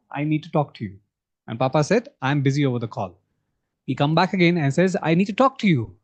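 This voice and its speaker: A man giving a workshop talk to educators, asking the audience questions as he goes. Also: a little high. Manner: engaging, asks the audience questions. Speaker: workshop speaker. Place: conference hall.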